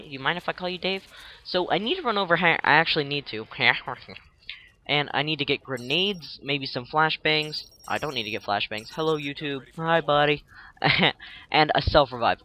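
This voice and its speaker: A man's voice: fairly high pitch, bright, forceful tone, a little hiss or hum. A young man casually narrating his gameplay as a tutorial, rambling and jokey, acting out enemies in silly voices.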